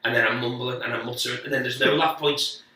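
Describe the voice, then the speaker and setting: A man tells loose, profane anecdotes and laughs at himself as a podcast guest. His tone is piercingly bright. He sounds a little distant from the microphone in a strongly echoing room. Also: medium pitch, steady tone. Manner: rambling, sweary anecdotes with quick self-mocking asides. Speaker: guest comedian. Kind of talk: casual podcast storytelling. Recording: echoey room, speaker distant from the mic.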